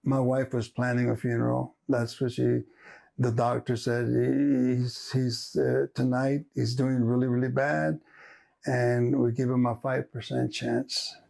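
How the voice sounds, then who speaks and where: Middle-aged guy, super gravelly flat voice, just telling it straight. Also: mid-range voice, measured pace. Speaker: interviewee, covid survivor. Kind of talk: personal testimony.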